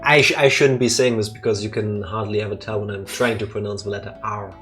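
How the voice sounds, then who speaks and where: A man's voice: fairly low pitch, steady tone, fast, a bit bright, faint music behind. A man co-hosting a game let's play, chatting casually with playful, teasing jokes and wordplay. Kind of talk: casual joking commentary.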